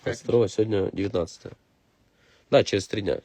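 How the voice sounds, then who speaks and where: Brief: Russian-accented male stream host, low gravelly voice, breathy edge, loose and profane. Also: quick pace, dark tone, no room sound. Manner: loose and profane, laughs often. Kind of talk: casual livestream chat. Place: recording studio.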